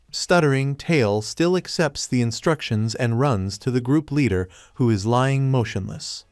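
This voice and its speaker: A man reading a scripted story recap in a steady, even storytelling manner. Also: medium pitch, no echo. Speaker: recap narrator.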